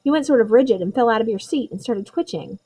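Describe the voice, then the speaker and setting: A woman voicing a nervous teenage boy who talks in a hurried way. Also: fairly high pitch, expressive, warm tone, breathy edge.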